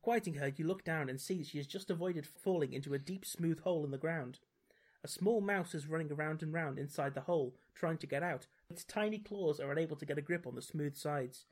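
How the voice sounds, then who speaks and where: A man's voice: a little high, a little fast. A man reading a gamebook aloud as podcast host, dropping dry, wry asides. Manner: dry, wry commentary between read passages.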